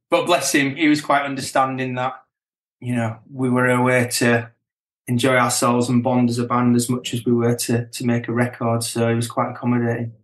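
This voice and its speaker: A middle-aged man and band member chatting casually as a guest, relaxed and chuckling, often restarting his sentences. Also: medium pitch, normal speed, roomy sound. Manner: relaxed, chuckling, self-correcting. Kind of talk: casual chat.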